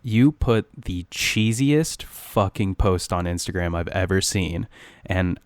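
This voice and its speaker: Young man, podcast co-host, deep voice, dry close sound, teasing, swears a lot. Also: lively intonation, slow, no room sound. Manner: teasing, profane, rambling with many fillers. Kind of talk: casual podcast banter.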